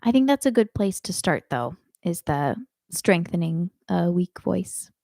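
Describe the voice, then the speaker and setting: This singing teacher fields chat questions from her online audience mid-lesson, unhurried and reflective, often saying um and starting over. She speaks in a lowish register with a slightly mellow tone, very animated and with vocal fry, in clean studio audio without echo.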